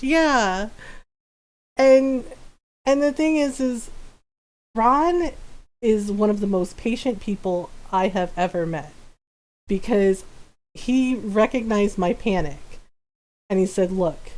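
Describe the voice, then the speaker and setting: A woman's voice: fairly high pitch, expressive, unhurried, darkish tone. A middle-aged woman streamer telling a personal story in casual, rambling chat, laughing often and restarting her sentences. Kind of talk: casual storytelling while gaming.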